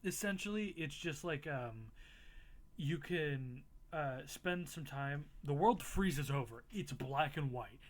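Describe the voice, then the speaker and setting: A young man with a somewhat high voice recaps his game playthrough in a loose, rambling way. He swears freely and makes fun of his own mistakes. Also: animated, slow. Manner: casual, swears freely, self-mocking, laughs at himself. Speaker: gaming YouTuber. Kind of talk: casual playthrough recap narration.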